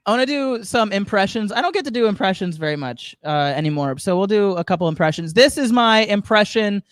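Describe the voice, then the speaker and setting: A man's voice: high-pitched, a bit bright, clear, resonant tone, no room sound, clean studio sound. A man from the Southern US doing a rambling stand-up comedy set, chuckling at his own jokes. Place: comedy show studio.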